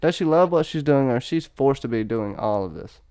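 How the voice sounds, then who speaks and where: A man hosting a casual online discussion of a TV show, animated, joking and laughing as he talks. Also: medium pitch, fairly quick, clean tone. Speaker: podcast host. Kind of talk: casual discussion on a video call.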